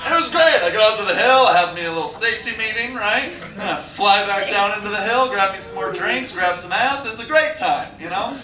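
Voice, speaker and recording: A man's voice: high-pitched, animated, brisk, hardly any pauses, far from the mic. A young man doing a stand-up set, telling a crude, rambling story full of fillers. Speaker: stand-up comedian. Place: comedy club stage. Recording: echoey room recorded from afar, noisy.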